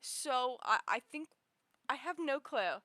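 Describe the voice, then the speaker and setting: High, bright-voiced giggly young woman. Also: lively intonation, slow, no echo. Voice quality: high, girlish voice others have called annoying. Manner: rambling and giggly, with frequent restarts and fillers. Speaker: streamer. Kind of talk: casual chat with viewers.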